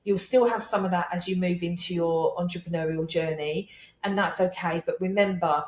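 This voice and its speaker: A woman's voice: fairly low pitch, normal speed. Candid woman, echoey room. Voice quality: candid, animated, swears freely. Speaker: podcast host. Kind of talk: unscripted solo reflection.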